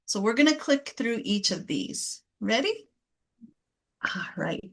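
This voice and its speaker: A woman's voice: fairly high pitch, sing-song, takes it slowly, vocal fry. A woman facilitating a parenting class, leading the group with encouraging, upbeat praise.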